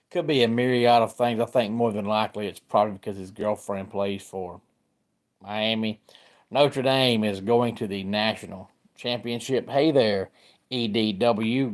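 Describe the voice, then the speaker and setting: A middle-aged man from Georgia with a Southern accent, hosting a casual live-stream sports talk and greeting viewers by name. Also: fairly low pitch. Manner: chatty, greets viewers by name while discussing football.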